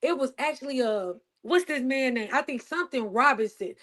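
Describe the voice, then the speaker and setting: A woman's voice: sits high, expressive, brisk, fairly bright tone. A woman in a heated casual discussion, emphatic and insistent, repeating her points. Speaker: co-host.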